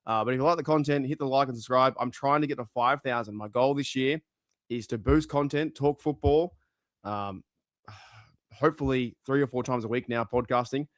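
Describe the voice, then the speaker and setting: A man from Australia hosting a fan live stream, talking in a chatty, excitable way and swearing now and then. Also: mid-range voice, normal speed, no echo, clean studio sound. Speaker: fan channel host. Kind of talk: casual live-stream chat.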